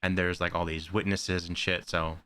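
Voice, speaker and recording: A man co-hosting a casual horror podcast, rambling excitedly with lots of "like" fillers. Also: deep voice, moderate pace, clean tone. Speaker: podcast co-host. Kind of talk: casual chat.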